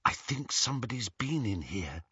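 A man's voice: medium pitch, very animated, normal speed, sharp tone, slightly rough, dry recording, dull audio, exaggerated voice. A man voicing a frightened clever teenage girl who stammers and whispers in an audiobook. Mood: whispered.

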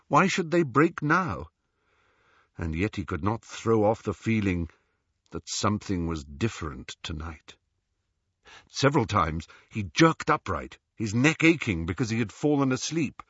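A man reading a novel aloud as a narrator, telling it expressively and dropping to a hush in quiet passages. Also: mid-range voice, husky, no room sound, highs cut off. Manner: expressive storytelling with hushed passages. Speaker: audiobook narrator. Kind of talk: scripted narration.

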